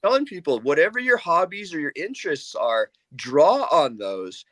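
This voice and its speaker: A man hosting a podcast, telling animated stories in casual chat and laughing often. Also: a little high, normal speed, no echo.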